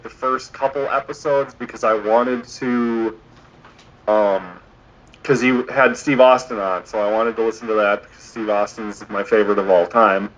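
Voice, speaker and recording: A man's voice: medium pitch, fairly bright tone. A man co-hosting a podcast in casual chat, opinionated and rambling. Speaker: podcast co-host. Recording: dull lo-fi podcast audio.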